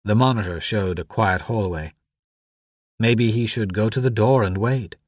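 A man reading an audiobook in steady, measured scripted narration. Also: lowish voice, dry recording.

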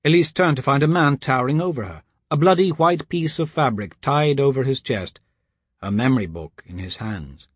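A man reading a children's adventure story aloud in an even, steady storytelling manner. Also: medium pitch, normal speed, husky, dry recording. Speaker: narrator. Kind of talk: audiobook narration.

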